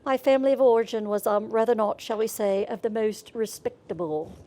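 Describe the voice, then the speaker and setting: A woman's voice: a little high, brisk, mellow, lightly acted. Woman doing a posh, airy grown-up dog. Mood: pompous. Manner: affected, hesitant.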